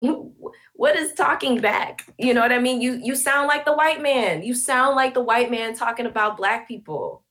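A woman's voice: fairly high pitch, normal speed, a bit bright. A woman speaking as a podcast guest, passionate and emphatic, building her points with rhetorical questions. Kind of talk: conversational interview.

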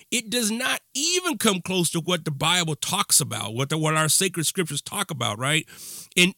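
Male podcast host, passionate rant, bright forceful tone, dry close mic. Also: on the high side, dry recording. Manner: impassioned, ranting, conversational with fillers. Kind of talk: monologue podcast intro.

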